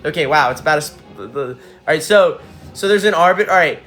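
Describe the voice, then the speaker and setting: A young man, a band frontman, chatting casually with fans on a livestream, excitable and swearing, jumping from topic to topic. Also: on the high side, fast, faint music behind. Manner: excitable, swearing, hype-driven, jumps between topics. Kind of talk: casual livestream chat with viewers.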